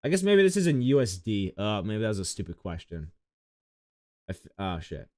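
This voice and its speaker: Crude, rambling young streamer from Long Island. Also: male voice, sing-song, normal speed, long pauses, a little mellow, no room sound, studio quality. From Long Island, New York. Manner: rambling, crude, jokey, with sudden high outbursts. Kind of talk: casual stream chat.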